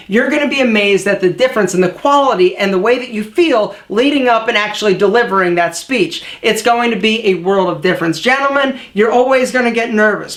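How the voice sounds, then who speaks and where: A man, a style vlogger giving energetic advice straight to the camera and acting out quotes in shifting voices. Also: high-pitched.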